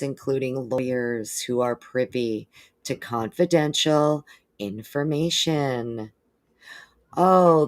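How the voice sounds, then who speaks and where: A woman hosting a live stream, reading court documents aloud and breaking off now and then for wry casual remarks. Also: sits low. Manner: reads legal text steadily, breaking off for wry remarks.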